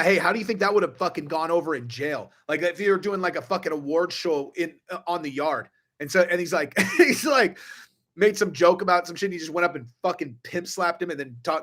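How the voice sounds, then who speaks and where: A man's voice: on the high side, fairly bright tone. A man ranting on a live stream, profane and rambling, restarting his sentences often. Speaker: online commentator.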